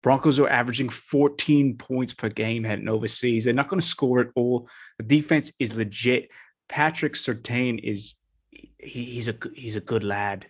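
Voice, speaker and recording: A man's voice: medium pitch, normal speed, breathy edge, close to an everyday voice. A man putting on a jokey British accent while giving a sports betting pick. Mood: mock-British.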